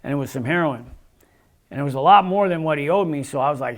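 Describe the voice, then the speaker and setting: A man's voice: on the high side, quick pace. A man giving an earnest casual testimony as a guest, with many "you know"s and restarts as he tells his story.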